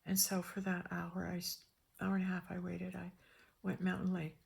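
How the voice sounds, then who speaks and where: A woman with a gravelly voice tells a personal story in a lively, dramatic way. She often breaks off and restarts her sentences, and she acts out the voices of the people in the story. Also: lowish voice, moderate pace. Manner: animated, acts out quoted voices, many restarts.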